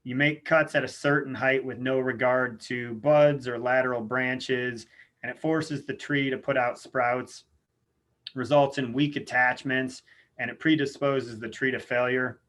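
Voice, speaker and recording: A man presenting an online webinar lecture in a casual, informal way, often pausing on "uh" and "um". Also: mid-range voice, steady tone, a bit bright. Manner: informal, frequent "uh" and "um" fillers. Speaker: extension lecturer.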